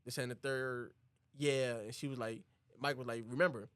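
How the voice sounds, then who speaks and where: A man's voice: normal speed, clean tone, no room sound. A man co-hosting a podcast, casually recapping a film and acting out the characters' lines. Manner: animated, acts out characters' lines in a high voice. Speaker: podcast co-host.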